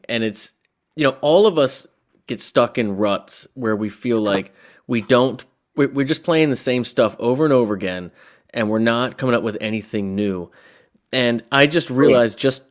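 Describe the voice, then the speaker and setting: Male interviewer, mid pitch, eager and enthusiastic in casual conversation. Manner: enthusiastic, eager to share his own reactions. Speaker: host.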